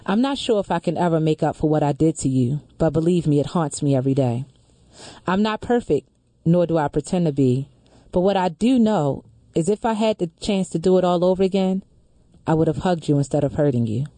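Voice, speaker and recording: Female talk host, mellow tone, close and dry, earnest measured reader. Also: low voice, expressive, dry recording. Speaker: radio show host. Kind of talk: reading a letter aloud, then discussion.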